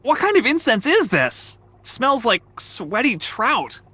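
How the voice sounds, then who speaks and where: A woman's voice: on the high side, huge pitch swings, a little slow, sharp tone, a little hiss or hum, full character voice. A voice actor playing a sarcastic young male time traveler, casual and wisecracking. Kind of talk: video game voice acting.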